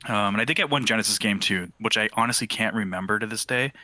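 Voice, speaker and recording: A man in his thirties casually telling a lively story and acting out the quoted voices. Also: lowish voice, fast talker, no echo. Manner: animated, acts out quoted voices. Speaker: team member sharing a memory.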